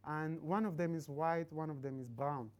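Earnest farmer in a sermon illustration, quoted by a woman, low, warm tone. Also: normal speed, natural voice.

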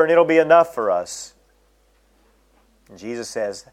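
A middle-aged man preaching a sermon, reading scripture aloud and slowing down to stress its key phrases. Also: mid-range voice, animated.

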